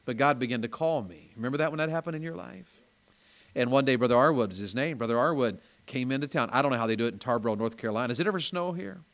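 A man with a Southern accent from Tennessee preaching a sermon in a small church. He tells a story in a folksy way, dropping to quiet asides and then climbing to loud, emphatic bursts. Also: medium pitch, expressive, fast talker. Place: small church during a service.

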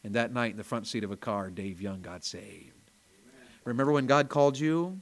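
During a service at a small church, a Tennessee man with a Southern accent preaches a sermon in a mid-range voice, a little fast. He tells a folksy story, dropping into quiet asides before climbing to loud, emphatic bursts.

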